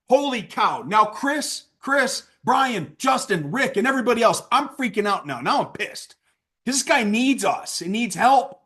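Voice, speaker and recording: A man giving a casual sales training talk, blunt and worked up, swinging from loud outbursts to low asides. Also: big pitch swings, moderate pace.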